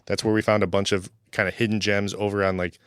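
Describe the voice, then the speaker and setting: Smooth, low-voiced man sharing anecdotes. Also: flat delivery, fast, a bit bright, no room sound, studio quality. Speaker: podcast co-host. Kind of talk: casual chat.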